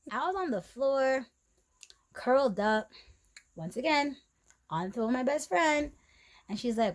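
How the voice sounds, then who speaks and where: Young woman vlogger, slightly high voice, lively swings in pitch, chatty and slangy, a bit breathless. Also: a little slow, long pauses. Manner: animated, chatty, slangy, acting out quoted friends. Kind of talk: casual storytime vlog.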